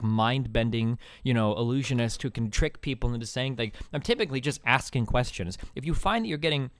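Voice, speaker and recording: Fast-talking profane male streamer. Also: mid-range voice, no echo. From United States. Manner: rambling, profane, heavy with filler words. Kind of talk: casual livestream monologue to chat.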